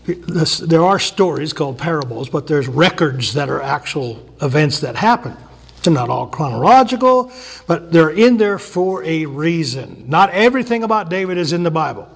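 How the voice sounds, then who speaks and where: A man preaches a relaxed, folksy sermon from the pulpit. His voice sits a little high for a man. He drops into quick voices for the people in the stories and then goes straight back to his own. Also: creaky, slightly rough. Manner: casual and folksy, acts out biblical characters in quick voices. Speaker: pastor.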